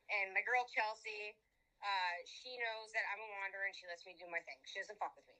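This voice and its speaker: Bright-voiced, profane woman telling a story. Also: mid-range voice, brisk, poor audio. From Florida. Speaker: guest. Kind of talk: casual storytelling interview.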